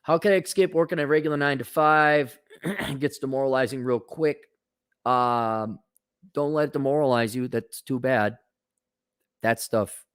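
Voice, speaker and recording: A man's voice: medium pitch, clear, resonant tone, dry recording, studio quality. A man hosting a casual advice rant, blunt and sarcastic, talking in a stop-start way. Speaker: host.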